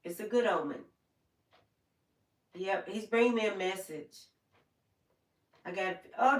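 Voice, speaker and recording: A woman's voice: mid-range voice, animated, a little slow, pauses often, roomy sound, recorded from a distance. Folksy older woman chatting to viewers. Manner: folksy and heartfelt, talks straight to viewers by name. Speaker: livestream host. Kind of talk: casual livestream chat with viewers.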